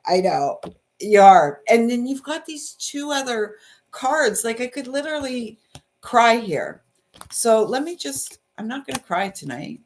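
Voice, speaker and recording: A woman's voice: on the high side, very animated, slow, slight background noise. Gushing Canadian-born woman in her fifties reading cards. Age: 50s. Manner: gushing, meandering, emotional. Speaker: intuitive card reader, livestream host. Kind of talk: live card reading chat.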